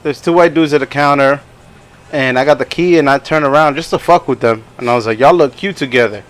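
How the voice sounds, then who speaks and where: Casual storytelling from a young podcast co-host who rambles, laughs a lot, and performs what others said in different voices. He has a mid-range voice and a slightly fast pace.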